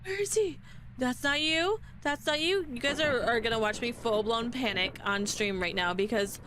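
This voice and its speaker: A woman's voice: a little high, moderate pace, a bit bright, slight background noise, poor audio. A woman streamer chatting casually to her live-stream audience, flustered and panicky. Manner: flustered, panicky, talks to chat. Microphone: desk microphone.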